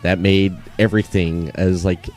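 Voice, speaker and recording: A man's voice: deep voice, flat delivery, normal speed, a little mellow, faint music behind. A man hosting a podcast in casual wrestling chat, easygoing, laughing often and repeating his phrases. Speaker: podcast host.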